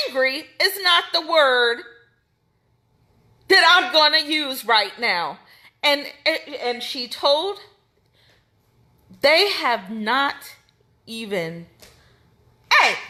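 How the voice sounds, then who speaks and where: Woman, Midwestern American accent, high voice, bright tone, indignant, emphatic, impassioned rant. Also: big pitch swings, drawn-out words, pauses often. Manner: indignant, emphatic, repeating her points. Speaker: advocate speaking out for a missing person's family. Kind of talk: impassioned direct-to-camera rant.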